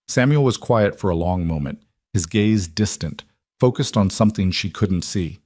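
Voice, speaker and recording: A man giving scripted narration of a frontier story in a slow, solemn, measured way. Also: low voice, animated, a little mellow, dry recording, clean studio sound.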